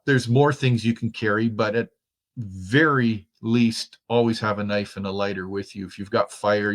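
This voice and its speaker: Easygoing middle-aged man telling stories. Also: on the low side. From Germany. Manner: easygoing, chatty storyteller who laughs easily. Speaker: guest, outdoors expert. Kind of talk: casual interview chat.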